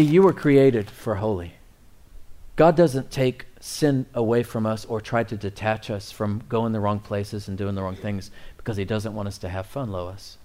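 A middle-aged man preaching a sermon, swinging between loud, excited appeals and quiet, near-whispered asides. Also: on the low side. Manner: animated preaching, rising and dropping to near whispers. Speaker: pastor.

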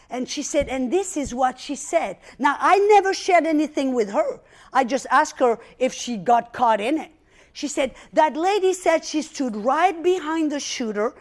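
High-voiced woman preaching a story. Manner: lively, dramatic retelling with loud prayer declarations. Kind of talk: sermon storytelling.

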